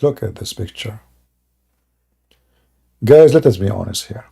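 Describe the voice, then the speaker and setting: A man hosting a live stream with mocking, sarcastic commentary and broken English grammar, often rising into loud taunting exclamations. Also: lowish voice, lively intonation, a little slow, gravelly, breathy edge.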